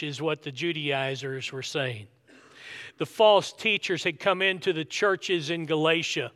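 A man's voice: fairly high pitch, a little slow, bright, forceful tone. A man preaching a sermon, earnest and emphatic, repeating his key points. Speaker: pastor.

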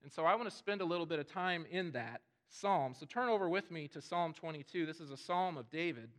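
A male pastor delivering a sermon, earnest and unhurried in his reasoning. His voice sits a little higher than most men's, and he often doubles words as he starts a thought. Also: expressive, a bit bright. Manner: earnest, repeats words when starting phrases.

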